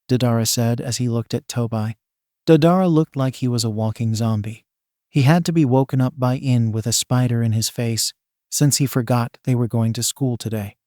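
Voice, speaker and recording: A man reads a fan fiction story aloud in a plain, even voice. His pitch sits in the middle range. The recording is dry and close to the mic. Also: moderate pace, no echo. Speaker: narrator.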